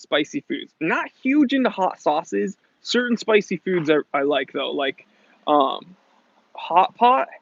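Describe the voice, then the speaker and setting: A man's voice: high-pitched, vocal fry, no room sound, highs cut off. A man hosting a casual livestream Q&A about watches, playful and chatty, reading out viewer comments. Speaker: watch channel host. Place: Los Angeles.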